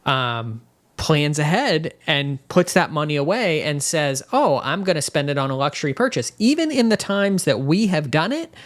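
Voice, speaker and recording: A man's voice: on the high side, animated, moderate pace. A man from West Virginia co-hosting a casual podcast chat, talking emphatically and conversationally. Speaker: podcast co-host.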